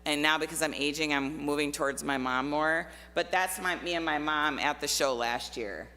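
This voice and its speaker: Middle-aged minnesota lady chatting at a church forum, kinda low voice, long echo in the hall. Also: moderate pace, pushed and bright. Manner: chatty, laughing, many fillers. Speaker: guest speaker, artist. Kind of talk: casual personal talk.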